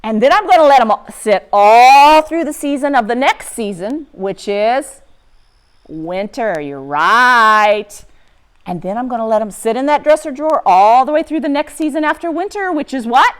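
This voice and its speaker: Animated sing-song woman teaching kids. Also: on the high side, normal speed. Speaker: farm teacher for children. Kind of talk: children's lesson. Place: barn.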